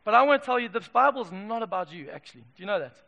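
A man preaching a sermon in a church, swinging from emphatic declarations to quiet asides. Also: sits high, lively intonation, rapid-fire, gravelly, dull audio. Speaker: pastor. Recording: long hall reverb.

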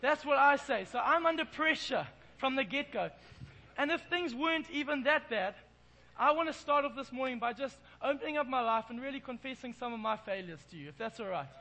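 A man's voice: very high-pitched, animated, brisk, pushed and bright, slight background noise, low-quality recording. An Englishman preaching in church, telling a self-deprecating, playful story. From England. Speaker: pastor. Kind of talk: sermon with humorous storytelling.

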